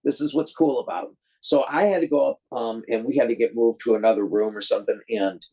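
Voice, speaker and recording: Talking fast in a medium-pitched, steady, warm and slightly rough voice, a guest filmmaker from Detroit, USA, rambles through a long casual story, full of fillers and restarts, imitating the people he quotes. The recording is rough.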